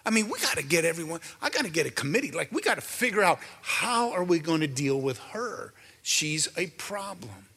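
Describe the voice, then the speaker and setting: A man's voice: fairly high pitch, sing-song, a little fast, hardly any pauses, pushed and bright, slightly rough, long reverb tail. A man co-hosting a Christian talk show, telling his story in an earnest, preacherly way and speaking straight to the listeners. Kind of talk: preaching-style testimony.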